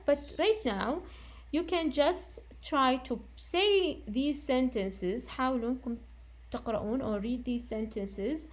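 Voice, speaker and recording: A woman teaching an English lesson, explaining and correcting herself as she goes. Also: a little high.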